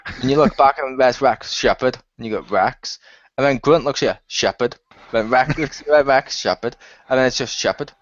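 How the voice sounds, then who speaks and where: A man hosting a gaming podcast in casual chat, telling a long story in a rambling, animated way with frequent laughs. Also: medium pitch, a little fast, no echo. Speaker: podcast host. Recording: muffled lo-fi dry recording.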